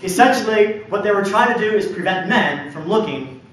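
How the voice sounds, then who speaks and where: A man's voice: high-pitched, animated, brisk, fairly bright tone, a little hiss or hum. A male university lecturer giving a public lecture, telling history with emphatic storytelling and a pointed sense of humor. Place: large lecture hall. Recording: echoey hall from far off.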